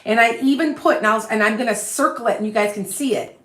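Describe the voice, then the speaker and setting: Speaking fast in a slightly high, somewhat bright voice, a Chicago-accented woman from the Midwest livestreams as a psychic medium. She's chatty and sure of herself, drifting between thoughts into a phone set on a stand, with roomy echo around her.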